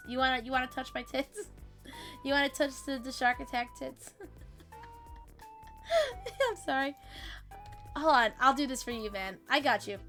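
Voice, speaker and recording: A woman with a high, sharp-edged voice chats with her stream while playing. She tells stories in a loose, chatty way, swears freely and laughs easily, then breaks off to answer her chat. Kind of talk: casual chat while gaming, storytelling to chat.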